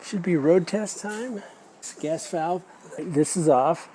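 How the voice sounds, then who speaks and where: A man's voice: fairly high pitch, takes it slowly, warm tone, a little hiss or hum, rough recording. An older man demonstrating motorcycle repair step by step, patiently instructing a learner. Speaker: mechanic teaching motorcycle repair. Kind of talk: hands-on demonstration.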